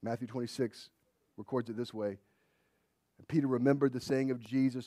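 A man preaching a sermon in a dramatic way, dropping to a hush and then rising to loud emphasis. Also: medium pitch, fairly even intonation, normal speed, pauses often, no echo.

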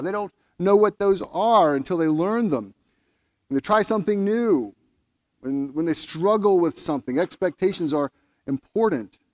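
A man's voice: high voice, no echo. A man preaching a sermon in a conversational way, stumbling over restarts and rising emphatically when he quotes scripture. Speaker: pastor.

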